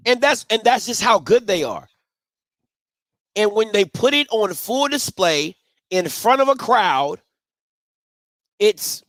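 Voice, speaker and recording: Man, sports talk host, emphatic, repetitive, lively pitch, dry recording. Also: takes it slowly, pauses often, dry recording. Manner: emphatic, repeats himself, breaks into laughing fits.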